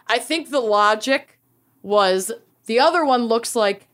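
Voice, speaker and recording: A woman's voice: on the high side, expressive, a little slow, a bit bright. A woman co-hosting a podcast, telling stories in casual chat and laughing often. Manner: chatty storyteller, laughs often. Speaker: podcast co-host.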